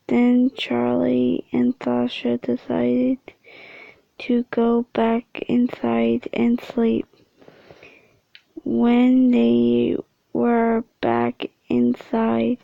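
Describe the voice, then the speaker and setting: A woman reading a fan story aloud in a halting way, often whispering and correcting herself. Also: fairly high pitch, gravelly, no room sound, muffled recording. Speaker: amateur story reader.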